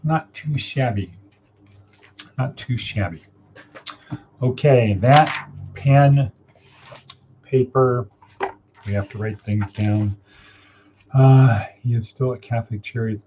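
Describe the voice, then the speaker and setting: Man, casual livestream coaching host, upbeat and encouraging, dull lo-fi sound, faint background noise. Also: on the low side. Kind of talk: casual livestream coaching, reading viewer comments aloud.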